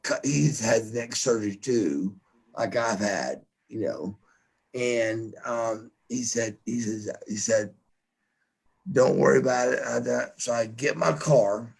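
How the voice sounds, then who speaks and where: Slow gravelly guy telling a story, lots of stammering and cussing. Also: mid-range voice. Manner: stammering, profane, repeats himself. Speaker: guest. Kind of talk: casual storytelling.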